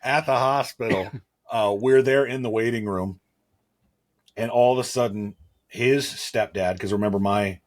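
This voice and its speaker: A man co-hosting a podcast, telling a story in an animated way and laughing into his lines. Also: mid-range voice, a little slow. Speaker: podcast co-host. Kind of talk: casual chat.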